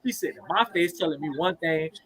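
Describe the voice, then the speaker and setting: A man's voice: a little high, fast talker, a bit bright, poor audio. A man in his thirties telling a story in casual, profane chat as a podcast co-host. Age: 30s.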